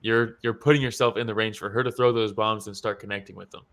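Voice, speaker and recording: Casual co-host, male, lower pitch with a bright, pushy edge, laughs easily. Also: fast. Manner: animated, laughs often, many fillers. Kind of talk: casual fight-recap chat.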